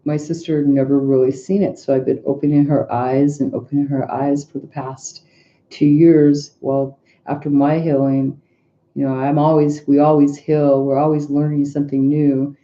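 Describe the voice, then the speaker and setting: Dark-voiced middle-aged woman rambling. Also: sits low, flat delivery, moderate pace, dull audio. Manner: rambling, frequent restarts and asides. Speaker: tarot reader. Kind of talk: casual personal storytelling.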